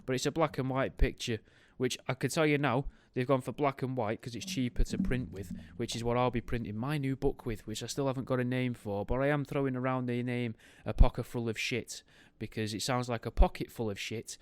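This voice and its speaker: Reading from a history book on his podcast, a man keeps breaking off for wry tangents and jokey asides. He speaks fairly quickly at medium pitch, steady, with hardly any pauses and no echo.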